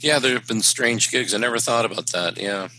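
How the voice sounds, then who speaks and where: A man's voice: medium pitch, a little fast, bright, forceful tone, a little hiss or hum, rough recording. A middle-aged man from Canada, a stand-up comedian telling wry road stories with punchlines in a casual chat. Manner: anecdotal, wry, with punchline delivery.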